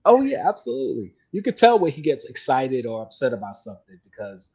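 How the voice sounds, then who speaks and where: A chatty man hosting a casual live stream, rambling along and laughing easily. His voice is husky and a little breathy, and the audio is dull and lo-fi. He sits in a middle pitch for a man. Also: very animated, brisk, darkish tone. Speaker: host of a live collectibles show.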